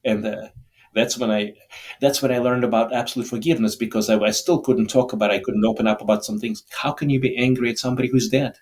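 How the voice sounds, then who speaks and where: A man's voice: mid-range voice, fairly even intonation, fast, darkish tone. A middle-aged man, a holistic doctor guesting on a podcast, talking in a reflective, emotional way with frequent restarts. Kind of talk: candid interview talk.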